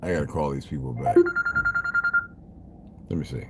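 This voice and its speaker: A man with a voice talks from inside a car, blunt and profane. His monologue wanders from point to point. The car's road noise is clearly heard under him. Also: rumbling low, normal speed. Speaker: vlogger. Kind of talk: casual monologue while driving. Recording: noisy car interior.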